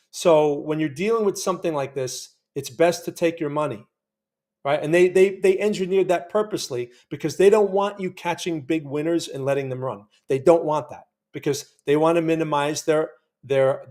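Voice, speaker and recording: Brief: male trading-stream host, slightly higher-pitched voice, chatty and excitable, keeps checking in with viewers. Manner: emotional, talks to the chart while trading. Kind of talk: live day-trading commentary.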